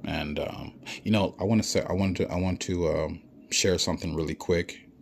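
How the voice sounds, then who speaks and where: A man's voice: deep voice, normal speed, vocal fry, a little hiss or hum. A man giving a blunt, profane ranting monologue, lecturing the listener and repeating himself for emphasis. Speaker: vlogger.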